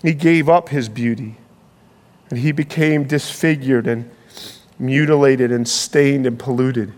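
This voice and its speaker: A man preaching a sermon, earnest and emphatic, slowing down on key phrases, heard in a large hall. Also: mid-range voice, fairly even intonation, darkish tone. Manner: earnest, building to emphatic peaks, slowing for weight. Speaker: pastor.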